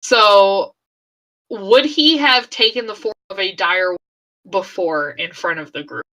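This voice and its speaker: A woman running a tabletop one-shot as game master over an online voice call, unhurried and thinking aloud with small laughs. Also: medium pitch, pushed and bright, rough recording. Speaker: dungeon master.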